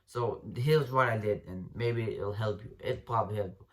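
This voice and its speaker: A man's voice: lowish voice, normal speed. A man giving dating advice in a casual, unscripted rant, blunt and profane, rambling with restarts and calling the listener bro.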